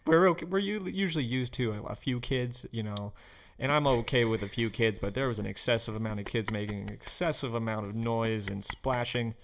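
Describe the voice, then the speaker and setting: A man's voice: medium pitch, a little fast. Laid-back man with a faint hiss behind. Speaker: podcast guest. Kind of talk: casual podcast chat.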